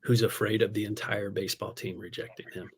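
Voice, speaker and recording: A man's voice: on the low side, brisk, husky. Man telling a story with lots of laughs. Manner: animated, laughs often, peppers speech with "man" and "dude". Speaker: pastor. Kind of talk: casual storytelling in a podcast conversation.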